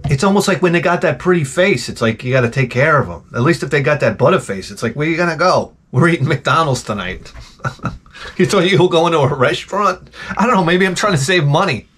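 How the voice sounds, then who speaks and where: A man's voice: on the high side, lively intonation, quick pace, a bit bright, breathy edge. A middle-aged man hosting a retro game channel, rambling through a blunt, profane comedic rant full of wisecracks.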